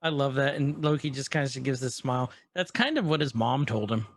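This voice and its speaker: A man's voice: medium pitch, lively intonation, fairly quick. A man co-hosting a podcast, casually recapping a show episode in a rambling way with lots of fillers. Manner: rambling recap, quoting characters loosely with fillers. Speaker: podcast co-host.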